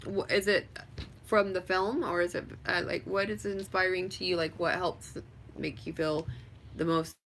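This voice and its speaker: Bright-voiced chatty woman on a livestream. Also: fairly low pitch, fairly even intonation, moderate pace, a little hiss or hum. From Hobbs, New Mexico. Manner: rambling, chatty, filler-heavy; answers viewer questions with frequent laughs. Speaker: vlogger. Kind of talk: casual livestream chat. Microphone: webcam or phone livestream.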